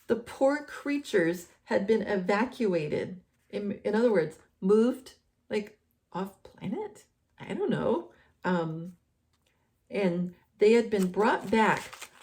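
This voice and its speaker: A woman's voice: medium pitch, darkish tone. A woman hosting a casual commentary, rambling with many fillers and restarts, saying she is losing her voice. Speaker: host.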